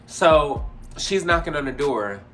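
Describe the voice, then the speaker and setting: A young man casually telling a story, profane and animated, jumping high in pitch when he acts out scenes. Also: a little slow, over loud music. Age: young adult. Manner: animated, profane, retells with big pitch jumps.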